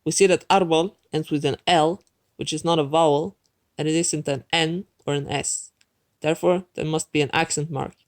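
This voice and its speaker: Speaking straight to the viewer, this man delivers a language lesson as clear, methodical scripted narration. His voice sits a little high.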